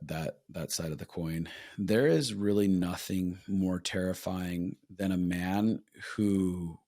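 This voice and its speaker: A low-voiced man speaks as a marriage counselor, explaining his points earnestly in a casual podcast conversation and now and then acting out what his clients say. His voice sounds dry and close, with no room echo. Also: a little mellow.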